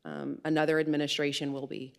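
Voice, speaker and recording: An earnest woman in her late forties speaks to a legislative committee in a fairly low voice. She sounds heartfelt and moves close to tears. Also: flat delivery, fast talker, creaky. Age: late 40s. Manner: earnest, turns tearful and emotional. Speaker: state official. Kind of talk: prepared remarks to a committee. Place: legislative hearing room.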